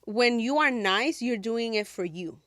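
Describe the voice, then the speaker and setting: A woman co-hosting a podcast in casual chat, animated, repeating words as she thinks aloud. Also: a little high, measured pace, no room sound, clean studio sound. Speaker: podcast co-host.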